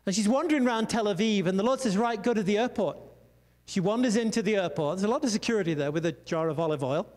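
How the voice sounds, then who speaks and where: A man's voice: sits high, racing, few pauses, a little mellow. A man preaching a sermon in a conversational, storytelling way, full of asides. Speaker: pastor. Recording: long hall reverb.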